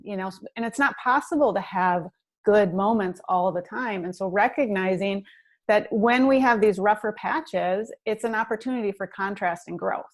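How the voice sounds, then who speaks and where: Upbeat encouraging mom, mid pitch, casual video chat. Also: female voice, normal speed. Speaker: parent, guest in discussion.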